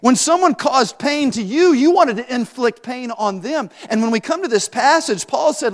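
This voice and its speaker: A pastor telling a story in a sermon, animated, moving between quiet asides and loud bursts. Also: male voice, extremely high pitch, moderate pace. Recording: long hall reverb.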